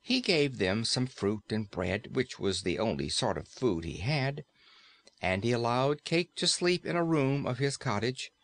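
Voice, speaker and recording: Expressive male storybook narrator. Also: medium pitch, no echo. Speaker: audiobook narrator.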